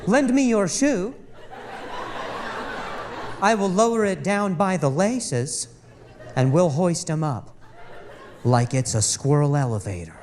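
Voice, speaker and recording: A comedian putting on his excitable wife's urgent, earnest voice in a live club set. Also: fairly low pitch, slow, long pauses, a crowd in the background. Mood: eager. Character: excitable earnest young wife, eager rescuer. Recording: live club recording with audience noise.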